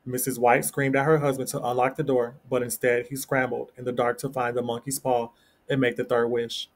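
Man reading a story aloud. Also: medium pitch. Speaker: story reader. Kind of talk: read-aloud story narration.

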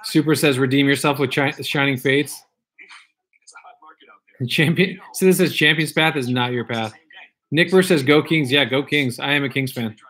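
A man's voice: mid-range voice, normal speed, a bit bright. A man hosting a casual livestream, chatting loosely, reading viewer comments aloud and repeating himself. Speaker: livestream host opening card packs.

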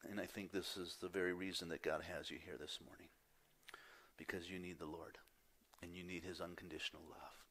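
A man preaching a sermon as pastor, moving between loud emphatic declarations and hushed, near-whispered lines, with confessional asides. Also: sits low, level tone, brisk. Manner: confessional, self-deprecating asides.

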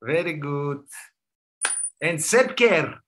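A man's voice: on the high side, animated, slow pace, a bit bright, a little hiss or hum. A man hosting a live online quiz for colleagues, playful and laughing between answers, heard over a video call. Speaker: quiz host and dermatologist.

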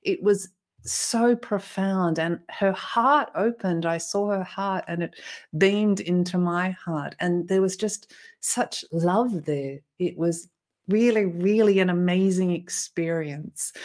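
A woman guest in an interview, earnestly retelling a personal experience with emotion and small restarts. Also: lowish voice. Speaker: interview guest, motivational speaker.

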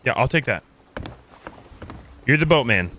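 A young man playing an online pirate game with a friend, reacting quickly and joking, often restarting his sentences. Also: mid-range voice, lively intonation, sharp tone, a little hiss or hum. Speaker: co-player. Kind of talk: casual gameplay chat.

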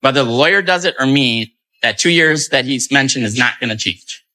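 A man's voice: mid-range voice, a little fast, bright, forceful tone, rough recording. A man on a reality show, arguing stubbornly and defensively with his partner. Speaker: reality show cast member.

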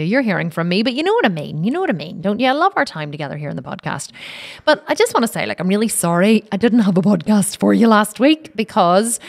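An Irish woman hosts her own podcast in a casual, chatty way. Her voice sits a little low, yet it leaps up and down with a lively, animated range. She swears casually as she talks. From Ireland. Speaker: podcast host. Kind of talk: casual solo podcast intro.

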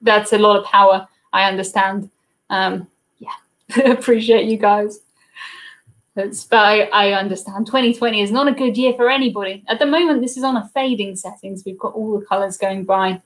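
A young woman with a Southern English accent, from England's south coast, chats with viewers on a casual live cruise Q&A from her home desk, reading their comments out and cooing at her dog. Her voice is medium-pitched and moderately paced.

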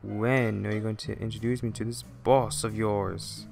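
An impatient, doubtful engine, as a man voices him in a fan-made train story. His voice sits higher than the narrator's and sounds fretful. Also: flat delivery, normal speed, gravelly, over music.

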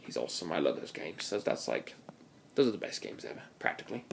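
A man's voice: sits low, sing-song, fast talker, creaky, slight background noise. Chatty man rambling over gameplay. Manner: chatty and rambling, with frequent restarts and playful exaggeration. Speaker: gaming video host. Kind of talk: casual gameplay commentary.

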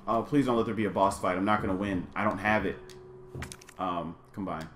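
A lower-pitched man with a bright, forceful edge, talking viewers through a game. He startles easily and repeats himself in nervous bursts, with self-deprecating banter between scares. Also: a little fast, reverberant, a little hiss or hum. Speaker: gaming channel host. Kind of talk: let's play commentary.

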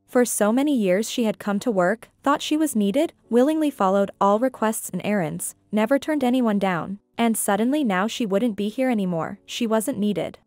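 A woman narrating a scripted story in an even, measured reading. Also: mid-range voice, no room sound.

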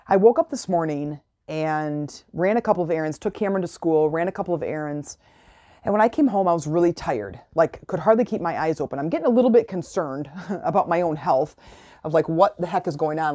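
Middle aged lady rambling on her podcast, lots of likes and you knows, warm low voice. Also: animated, brisk. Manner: chatty, rambling, many "like" and "you know" fillers. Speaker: podcast host. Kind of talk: casual motivational monologue.

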